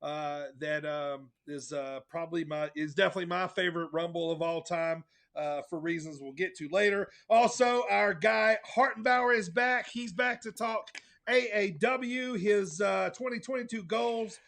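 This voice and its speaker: A man co-hosting a casual wrestling podcast, his voice high and bright with a gravelly edge. He runs through the show's rundown in an upbeat way, full of filler words. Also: steady tone, moderate pace. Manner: upbeat, filler-heavy rundown with many uhs. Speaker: podcast co-host.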